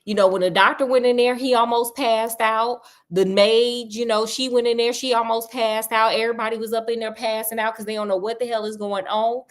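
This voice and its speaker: A woman retelling a story in a comedic, slangy, animated way, talking straight to her listener. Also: on the high side, brisk, hardly any pauses.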